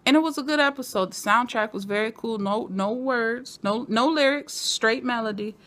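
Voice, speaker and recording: A woman hosting a casual podcast, recapping a TV episode with animated, laughing commentary and acting out the characters' lines. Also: fairly high pitch, normal speed. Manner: animated, laughing, acts out quotes. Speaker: podcast host reviewing a TV episode.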